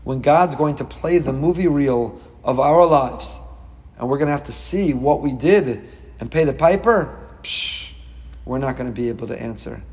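A middle-aged man teaching a Torah class as a rabbi, dramatic and animated, with quick humorous asides. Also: medium pitch, big-room sound.

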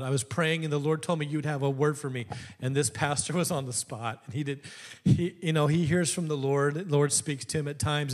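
A preacher with a high, light voice tells a story from the pulpit. He moves between humor and fervent exhortation, addressing the congregation as brothers and sisters. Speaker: pastor. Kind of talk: sermon.

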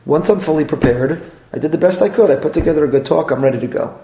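A man, a rabbi teaching a class, lively and repetitive, acting out little dialogues as he lectures. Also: fairly high pitch, fast. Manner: animated, repeats phrases and acts out little dialogues. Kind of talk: Torah class lecture with audience questions. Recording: roomy echoey room.

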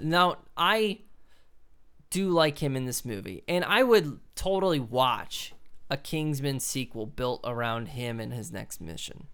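A man's voice: medium pitch, fairly bright tone, smooth. A man in casual chat as a podcast co-host, talking in a loose, rambling way and swearing for emphasis.

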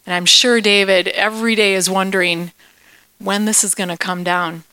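A woman teaching a Bible lesson to children. She is playful and animated and asks the kids questions. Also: medium pitch, moderate pace, no room sound.

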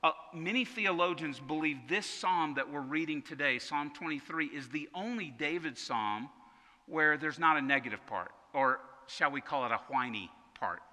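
A man's voice: on the high side, animated, normal speed, bright, forceful tone, big-room sound. A man preaching a sermon as pastor, talking conversationally and often repeating words as he restarts.

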